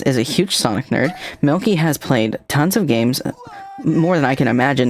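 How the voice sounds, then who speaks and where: A woman hosting a livestream, chatting casually with an excitable, bubbly manner and casual swearing. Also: rumbling low, slight background noise. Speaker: streamer host. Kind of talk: casual streamer chat.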